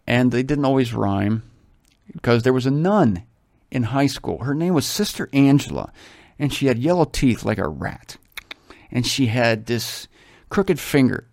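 An older man from Ohio reads scripture slowly and keeps stopping to marvel at it. His commentary is enthusiastic and full of rambling stories. The sound is close and dry, with a mid-range pitch. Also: no echo. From Ohio, USA. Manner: enthusiastic, storytelling, exclaims often. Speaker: Bible reader and commentator. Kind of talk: scripture reading with digressive commentary.

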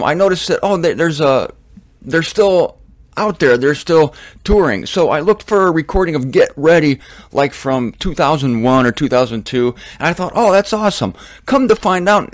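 Older male Bible teacher, slightly high-pitched, conversational and rambling with humorous tangents. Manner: chatty, digressive, jokey asides.

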